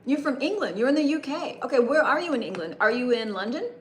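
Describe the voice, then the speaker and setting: A woman's voice: sits high, animated, fast talker, roomy sound, a little hiss or hum. A woman live streaming a rambling late-night chat with viewers, greeting them by name, with a broadcaster-like voice.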